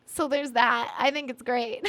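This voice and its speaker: A woman's voice: fairly high pitch, steady tone, a little slow, fairly bright tone. A young adult woman streamer chatting casually with viewers, giggly and emotional, teary and yawning, often apologizing. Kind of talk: casual chat reading viewer messages.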